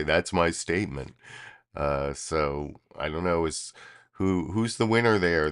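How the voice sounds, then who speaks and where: A man's voice: sits low, a bit bright, clear, resonant tone. A man hosting a commentary video, talking casually and rambling with many fillers. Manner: rambling, full of fillers and self-corrections.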